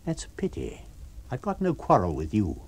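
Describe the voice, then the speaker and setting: A man reading a book aloud, voicing a menacing, unseen stranger who gives cold, commanding orders in a husky voice. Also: fairly low pitch, huge pitch swings, moderate pace, no echo, exaggerated voice.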